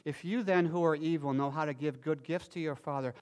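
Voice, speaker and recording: Animated pastor preaching, fairly high voice. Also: male voice, a little fast. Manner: animated, shifting from loud emphasis to soft near-whispers. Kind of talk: sermon.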